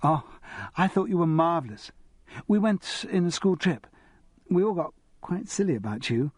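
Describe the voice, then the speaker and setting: A man's voice: a little high, very animated, moderate pace, slightly rough, dry recording, clean studio sound, pitched above the performer's own voice. A man voicing a giggly posh English schoolgirl. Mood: eager. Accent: English public school. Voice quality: bright and girlish. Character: young posh English girl, giggly, eager.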